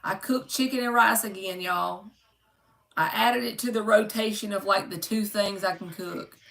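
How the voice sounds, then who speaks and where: A woman reads tarot for a live audience and chats with them by name. Her voice is bright and has a gravelly edge. She sits a little back from the mic. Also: mid-range voice, normal speed, distant mic. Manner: chatty, joking, talks to viewers by name. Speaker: tarot reader. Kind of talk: casual live-stream tarot reading. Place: home room.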